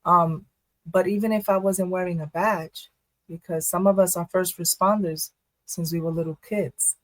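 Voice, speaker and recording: A woman in a casual interview, a first responder and poet who tells her stories with quick asides and frequent laughter. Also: lowish voice, fairly even intonation, dry recording. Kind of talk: casual podcast interview talk.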